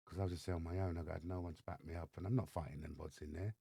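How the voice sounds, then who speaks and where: A man with an English accent, a podcast guest telling his life story in lively fashion and acting out the voices of others. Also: sits low, rapid-fire, creaky, slightly rough, dry recording, clean studio sound. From England. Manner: animated storyteller acting out dialogue. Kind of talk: storytelling interview. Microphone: studio microphone.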